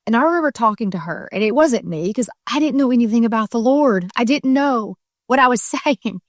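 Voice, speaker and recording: A woman's voice: a little high, lively intonation, brisk, no echo, clean studio sound. A middle-aged woman telling a personal faith story as a podcast guest, earnest and tumbling, with many restarts and fillers.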